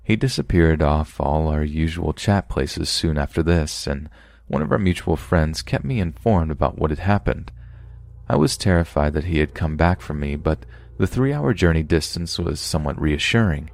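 A man, the host of a podcast, reading a scary true story aloud with steady, measured delivery. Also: extremely low pitch, gravelly, no echo. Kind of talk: horror story narration.

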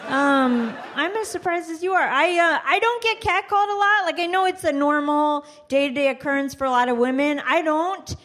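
A woman doing a stand-up set, hesitant and self-deprecating with deadpan jokes. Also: high voice, normal speed, hardly any pauses. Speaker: stand-up comedian.

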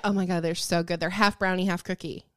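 A woman co-hosting a podcast, telling relaxed stories in casual chat with soft laughs. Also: on the low side, fast, clean tone, no room sound, studio quality. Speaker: podcast co-host.

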